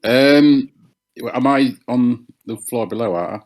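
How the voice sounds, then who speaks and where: A man playing a tabletop game, talking casually and thinking aloud with hesitant pauses. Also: medium pitch, a little mellow. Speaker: player.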